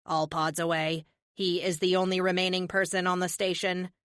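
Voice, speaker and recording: A woman voicing a calm male AI assistant in an audiobook, speaking in a measured, formal and precise way. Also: lowish voice, clear, resonant tone, dry recording, clean studio sound, natural voice.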